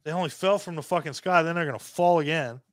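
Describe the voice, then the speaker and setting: A man's voice: on the high side, quick pace, no room sound. A man co-hosting a podcast, rambling profanely through a movie review and acting out characters' lines. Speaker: podcast co-host. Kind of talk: casual movie review chat.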